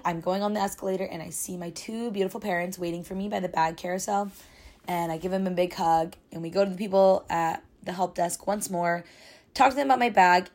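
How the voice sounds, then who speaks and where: A woman in her twenties, a podcast host, telling a travel story in a chatty, dramatic way with lots of "like". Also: mid-range voice. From United States. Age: 20s. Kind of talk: casual storytime monologue.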